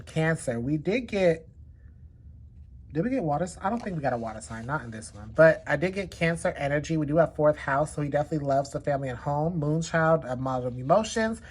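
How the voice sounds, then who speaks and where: A woman's voice: low voice, slight background noise. A woman hosting a casual card reading, chatty and leaning on the word "definitely" again and again. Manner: chatty, repeats "definitely" often. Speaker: tarot card reader.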